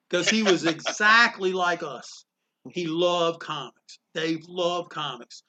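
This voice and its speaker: A man's voice: high-pitched, fairly quick. A middle-aged man from North Carolina, a comic shop owner, telling anecdotes in a casual interview and acting out the quotes. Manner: animated anecdotes with acted-out quotes. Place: inside his comic shop.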